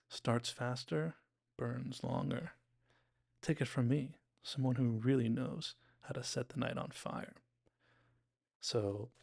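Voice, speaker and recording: Young man, gravelly voice, rambling recap, lots of fillers. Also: lowish voice. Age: young adult. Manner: rambling retelling with fillers and restarts. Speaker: show recap host. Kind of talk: casual episode analysis.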